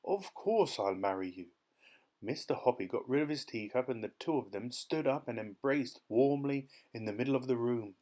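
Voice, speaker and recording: Guy reading a kids storybook, lively expressive narration, normal pitch. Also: a little fast, hardly any pauses. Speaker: audiobook narrator.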